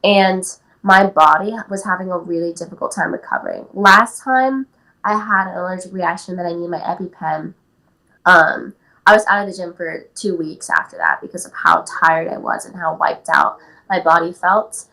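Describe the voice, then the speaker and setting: A woman's voice: on the low side, expressive, normal speed, creaky, sharp tone, rough recording. An eighteen-year-old woman from California, telling a personal story as a podcast guest in a casual way, full of "like" and "um". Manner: chatty, many "like" and "um" fillers. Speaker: guest athlete.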